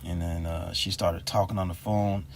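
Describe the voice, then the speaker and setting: Deep-voiced man ranting casually. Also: steady tone, moderate pace, gravelly, background noise. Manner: rambling, slangy, exasperated retelling. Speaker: vlogger. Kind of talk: casual vlog storytelling.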